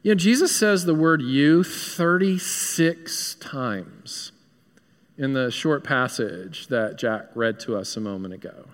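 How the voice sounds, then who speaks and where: A man's voice: medium pitch, moderate pace, few pauses, big-room sound. A man with a Southern US accent, a pastor preaching an earnest, conversational sermon in a church. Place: church sanctuary.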